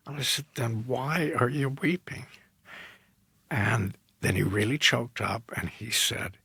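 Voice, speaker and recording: At a normal speed, this US tenor and opera director recounts an anecdote on a podcast, acting out each side of the exchange in his husky, gravelly low voice. The sound is dry, without any room ambience.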